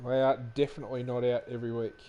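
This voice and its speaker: A man's voice: mid-range voice, little pitch movement, very fast, dark tone, muffled recording. A man co-hosting a stream, joking and laughing often, mocking himself. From Australia. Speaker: stream co-host. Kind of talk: casual chat over racing commentary.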